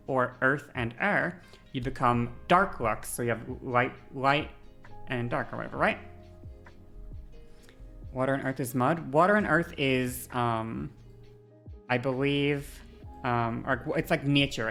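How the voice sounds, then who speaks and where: A woman's voice: very deep voice, fairly bright tone. A woman streamer chatting casually, going off on a long tangent and checking in with "okay?" and "you know?" often. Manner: tangent-prone, frequent fillers and check-ins. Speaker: game streamer. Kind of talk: rambling casual stream chat.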